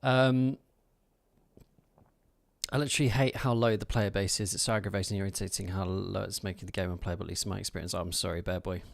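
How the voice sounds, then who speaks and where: A man's voice: deep voice, fairly even intonation, fast talker, vocal fry. A man chatting playfully with his viewers while streaming gameplay, teasing and thanking them in a loose, talkative way. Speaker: game streamer. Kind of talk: live gameplay commentary and chat. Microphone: streaming microphone.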